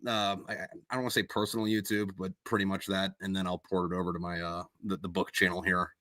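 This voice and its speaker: A man with a bright, forceful voice chats loosely as a live-stream host about the books he wrote. He rambles and is quick to put himself down, with plenty of fillers. The sound is close and dry, with no room around it. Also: sits low, little pitch movement, no room sound. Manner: rambling and self-deprecating, full of fillers. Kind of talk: casual chat on a live stream.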